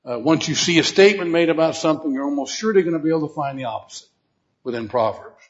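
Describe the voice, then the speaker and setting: A man's voice: on the high side, animated, fast talker. A man teaching a Bible lesson as a preacher, emphatic and questioning his listeners directly. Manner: emphatic, rising to loud repeated exhortation; asks the audience questions directly. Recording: dull lo-fi recording.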